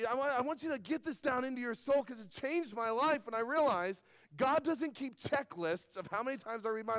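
A middle-aged man preaching a sermon, stressing key words loudly and dropping to quiet asides. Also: very high voice, no room sound. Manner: emphatic preaching that swings between loud stresses and soft asides. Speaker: pastor.

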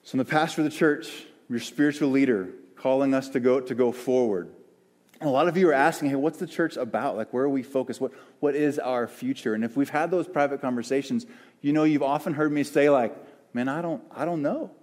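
A man preaching a sermon as the church's pastor, earnest and searching, with pauses and restarts. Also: medium pitch, a little mellow. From American South. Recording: long hall reverb.

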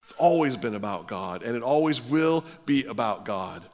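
A man's voice: mid-range voice, lively intonation, moderate pace. Man preaching in a reverberant hall. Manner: emphatic, earnest, rises and drops for stress. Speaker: pastor. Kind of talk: sermon. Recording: long reverb of a large hall.

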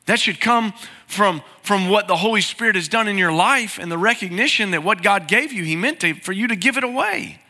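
Bright-voiced pastor preaching in hall. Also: male voice, high-pitched, expressive, fairly quick. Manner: earnest, pleading preaching. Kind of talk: sermon. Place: large church sanctuary. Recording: reverberant sanctuary sound.

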